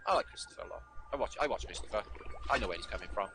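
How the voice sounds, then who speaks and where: Speaking fast and lively over music on a noisy stream, this British livestream host from Britain reads out viewer names in a fairly low voice. He rambles, swears, and stays affectionate with the chatters.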